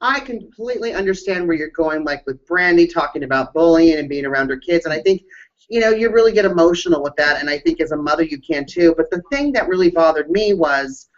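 A man's voice: a little high, animated, fairly quick. A man co-hosting a casual recap chat, speaking in a chatty, giggly way. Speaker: podcast co-host. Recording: dull lo-fi sound.

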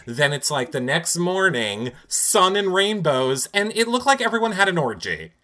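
A man co-hosting a casual recap podcast, retelling scenes in an animated, theatrical way. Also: sits high, moderate pace. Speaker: podcast co-host. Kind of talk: casual chat.

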